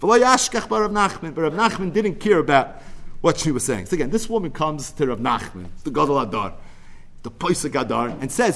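A man teaching a Talmud lecture, telling its story in an animated way. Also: a little high, fairly quick.

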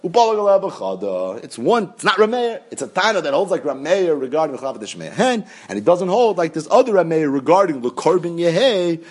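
A man's voice: a little high, normal speed, hardly any pauses, breathy edge. A man with a Yeshivish English accent teaching a Talmud class, chanting the text in a sing-song study style. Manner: animated, sing-song study chant with Yiddish and Hebrew terms.

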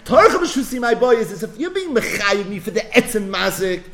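A man giving an animated Talmud lecture, asking rhetorical questions and answering them himself. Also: sits high, fairly quick. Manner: lively, asks and answers his own questions. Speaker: Talmud teacher.

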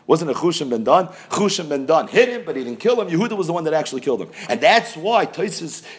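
A man's voice: fairly high pitch, very animated, fast talker. A man teaching a Talmud class, explaining texts in English sprinkled with Hebrew and Yiddish terms. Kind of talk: Talmud lecture.

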